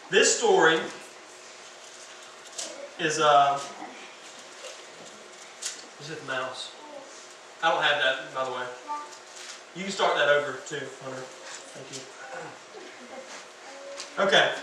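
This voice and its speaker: Male youth pastor, bright higher voice, lively sermon with crowd questions, distant echoey hall. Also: slight background noise. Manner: animated preaching, asks the crowd questions. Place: church hall.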